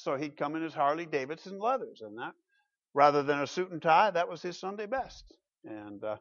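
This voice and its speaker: A man's slightly high voice carries through a dull, muffled recording. He preaches as a pastor, emphatic and conversational, often turning to the congregation with quick asides. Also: fairly bright tone. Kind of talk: sermon.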